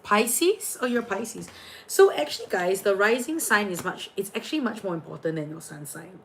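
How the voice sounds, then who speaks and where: A woman's voice: mid-range voice, expressive, normal speed, a little hiss or hum, rough recording. A woman hosting a casual astrology and tarot livestream, chatty and playful, jumping between viewer comments.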